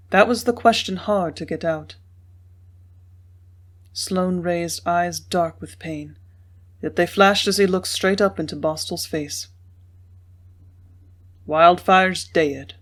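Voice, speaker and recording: A woman narrating a classic Western novel in a measured reading style. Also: lowish voice. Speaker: audiobook narrator. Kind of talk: scripted narration.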